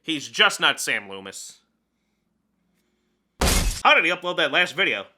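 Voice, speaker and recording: Man, film reviewer, sarcastic and grumbling, fairly high voice, swooping lively pitch. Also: unhurried. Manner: sarcastic, grumbling, self-pitying jokes. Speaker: film reviewer hosting a show.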